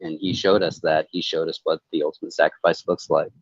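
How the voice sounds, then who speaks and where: A man talking earnestly and casually on a livestream call, halting and rambling with many restarts. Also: a bass voice, level tone, no echo. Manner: earnest, confessional. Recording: dull, dry lo-fi call audio.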